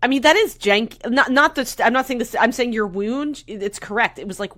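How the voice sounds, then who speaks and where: A woman co-hosting a podcast, chiming in with quick reactions and exclamations. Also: fairly high pitch, fairly bright tone, dry recording. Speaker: podcast co-host. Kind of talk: casual chat.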